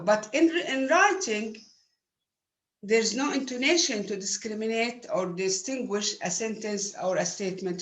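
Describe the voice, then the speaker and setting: A woman teaches at an unhurried, deliberate pace, pausing often on fillers as she explains. Her voice sits at an ordinary middle pitch, and her speech has the patient manner of a recorded university lecture. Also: a bit bright.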